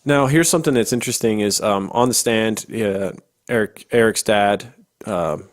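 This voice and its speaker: A man's voice: fairly low pitch, moderate pace. A young man co-hosting a casual true crime podcast, telling stories and acting out what people said. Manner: storytelling, acts out quotes with a lifted voice. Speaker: podcast co-host.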